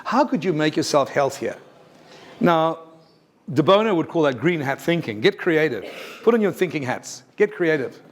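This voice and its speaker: Male workshop presenter, slightly high voice, emphatic, keeps quizzing the audience. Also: moderate pace. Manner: lively, emphatic, asks the audience questions. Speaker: teacher trainer. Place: university lecture room.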